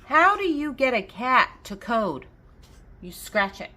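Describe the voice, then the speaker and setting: Fairly high-pitched and sing-song, her voice comes out pushed and bright as she takes things slowly. The older woman reads riddles from a children's joke book, gives the answers, and laughs at her own jokes.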